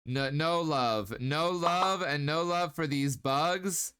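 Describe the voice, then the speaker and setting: Male streamer host, playful and giggly, bright crisp voice, slow unhurried delivery. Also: on the high side. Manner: playful, giggly, teasing, drawn-out baby talk at times. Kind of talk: casual live-stream chat.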